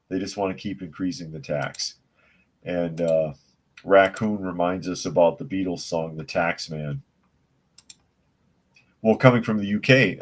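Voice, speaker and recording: A man hosting a live news podcast, reading articles and chat comments aloud and answering them with blunt, scoffing opinions. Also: low voice. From United States.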